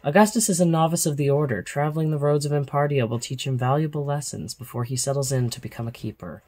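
A caring, plump brother of a monastic order who guards a young novice, voiced by a storyteller. He speaks firmly and a little quickly when defending the boy, gentler when comforting. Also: fairly high pitch, close to an everyday voice. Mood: protective. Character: kindly plump male monk, protective.

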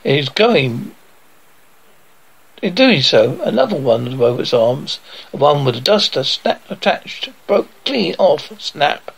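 A man's voice: on the high side, sing-song, measured pace, vocal fry, husky, low-quality recording. A man reading a children's adventure story aloud, voicing the sound effects theatrically. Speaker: storyteller reading his book.

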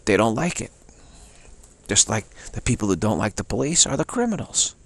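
Very animated and lowish in pitch, an American man with a husky, gravelly voice rambles at a moderate pace about his personal views, repeating himself emphatically and restarting many times. The recording is dry.

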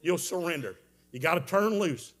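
A man preaching a revival sermon, telling a story with strong emotion, moving from hushed tones to shouts. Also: a little high, animated, normal speed, soft background music. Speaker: evangelist preacher.

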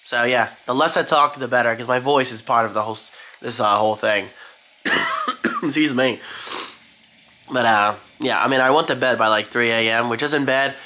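A man's voice: medium pitch, normal speed, bright, forceful tone. A man vlogging in a casual, rambling, self-deprecating way about his day. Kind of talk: casual daily vlog chat.

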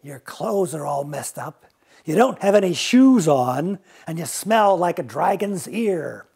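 A man's voice: a little high, lively intonation, measured pace, creaky, a little mellow, breathy edge, exaggerated voice. A man voicing a vain, fussy young prince in a storybook tale, whiny and snobbish. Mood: snooty.

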